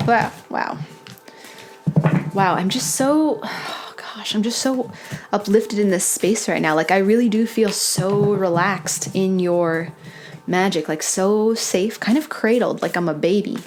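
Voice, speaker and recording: A woman giving an intuitive tarot reading to camera, talking in a dreamy, meandering way, often correcting herself with soft laughs. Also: mid-range voice, a little slow, soft background music. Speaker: tarot reader.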